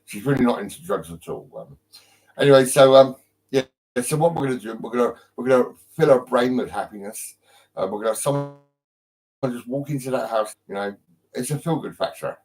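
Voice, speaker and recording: A man's voice: medium pitch, animated, fairly quick, a little mellow, low-quality recording. A man from England on a live stream from his home, talking in a rambling way with lots of ums and restarts and heavy swearing. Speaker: livestreamer. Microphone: phone.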